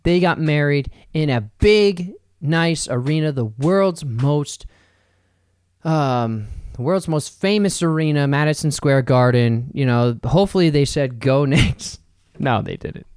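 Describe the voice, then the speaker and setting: Brief: a male podcast host, rambling, jokey, clear smooth voice, dry close sound. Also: fairly high pitch, a little slow, a little mellow, dry recording. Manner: rambling, joking, full of fillers and asides. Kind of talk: casual solo podcast chat.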